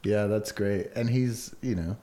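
Man, podcast co-host, low voice, halting delivery with fillers, casual chat. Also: mellow. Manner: halting, full of fillers and restarts.

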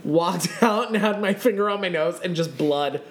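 A woman co-hosting a comedic recap chat, throwing in quick sarcastic quips. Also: on the low side, a crowd in the background. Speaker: co-host of recap show.

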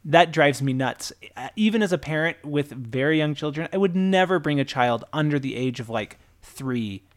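A man in his thirties co-hosting a casual chat, animated and emphatic, his pitch swinging up sharply. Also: moderate pace. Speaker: podcast co-host.

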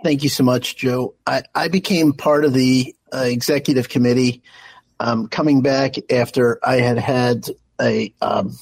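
A man's voice: medium pitch, fairly even intonation, a little slow, creaky, husky, low-quality recording. A middle-aged man from Philadelphia, a guest on a radio show, answering in an earnest way with frequent restarts. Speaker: guest, party executive director. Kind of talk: radio interview.

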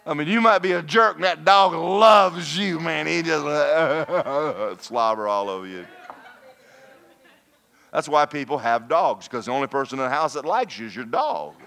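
Guy preaching, real animated, voice jumps all over, chatty with the crowd. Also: fairly high pitch, measured pace, vocal fry, slight background noise. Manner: folksy, animated preaching with mock voices and asides. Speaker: pastor. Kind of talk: lively sermon.

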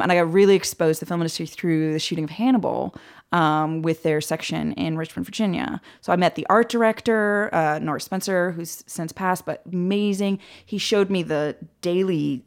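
Gravelly low-voiced woman telling stories. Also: moderate pace. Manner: animated storyteller, acts out quoted voices, laughs often. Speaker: guest, film director. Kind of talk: casual podcast interview storytelling.

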